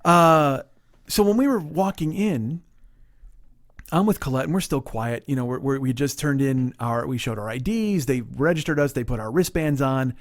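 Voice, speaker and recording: A man's voice: mid-range voice, normal speed. A middle-aged man hosting a podcast, telling a comic story with lots of swearing and acting out the people he quotes. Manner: animated, acts out people he quotes, swears freely. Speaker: podcast host. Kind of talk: comedic storytelling chat.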